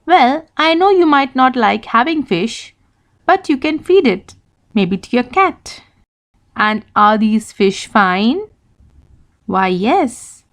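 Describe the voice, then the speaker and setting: A woman with a fairly high voice teaches young children, speaking slowly and clearly. Her pitch rises and falls a lot as she asks one question after another. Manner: slow, lively, questions to young pupils. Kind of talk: children's English lesson.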